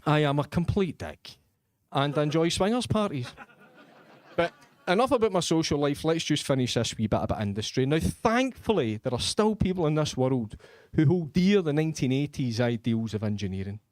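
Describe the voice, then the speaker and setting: A man's voice: on the high side, very animated, normal speed, a little mellow, no echo. A man doing crude, self-mocking live stand-up comedy in a comedy club.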